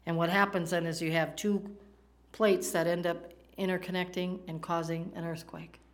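A woman's voice: fairly low pitch, flat delivery, normal speed. A woman preaching a sermon in a conversational way, often asking her listeners questions. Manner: conversational, asks the audience questions.

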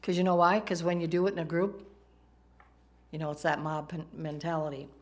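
A woman's voice: low-pitched, level tone, a little fast. Woman preaching a conversational sermon. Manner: conversational, asks the congregation questions. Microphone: microphone, PowerPoint slides in a church.

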